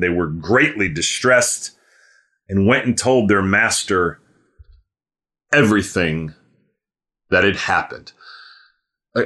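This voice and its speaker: In an earnest sermon, a man's delivery swings between forceful, loud high points and quiet, low stretches. Thinking out loud as he goes, he keeps repeating words and starting over.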